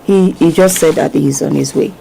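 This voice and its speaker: A Nigerian woman hosting a casual radio talk show, chatty and quick to laugh. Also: deep voice, gravelly, dark tone, slight background noise, poor audio. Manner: chatty, laughs often, mixes in Yoruba phrases. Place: radio studio.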